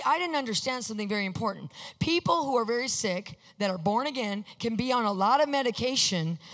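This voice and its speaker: A preacher delivers a storytelling sermon, animated and expressive, acting out the lines of the people in the story. The tone is bright and forward, and a long hall reverb trails each phrase. Now and then the preacher asks the congregation for an amen. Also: mid-range voice. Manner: animated, acts out quotes, asks the congregation for amens.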